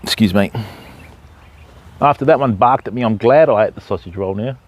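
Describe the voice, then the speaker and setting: At a moderate pace and with no echo, an Australian man chats on a live fishing stream outdoors by the water. He talks to his viewers and to his dogs, calling the dogs in a high sing-song voice.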